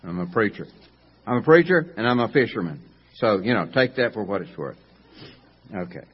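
A man preaching a sermon in a folksy, animated way, repeating phrases for emphasis. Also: lowish voice, normal speed, breathy edge, lo-fi sound.

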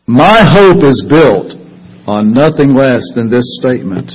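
A man preaching a sermon in church, slow and fervent, building with repeated phrases. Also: medium pitch, very animated, slightly rough, muffled recording. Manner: slow, preaching with rising fervor and repetition. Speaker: pastor. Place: church sanctuary.

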